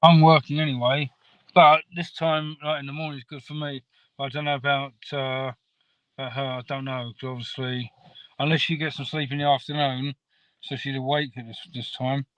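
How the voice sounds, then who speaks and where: A man from England chatting as a guest on a video call, soft-spoken and a little halting. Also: mid-range voice, flat delivery, no echo. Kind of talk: casual video call chat.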